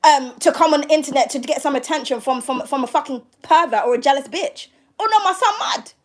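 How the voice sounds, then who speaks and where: High-pitched tarot lady going off at her viewers, swears a lot, sarcastic questions one after another. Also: fairly even intonation, quick pace, darkish tone. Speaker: tarot reader. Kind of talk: casual rant to a live audience. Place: her home.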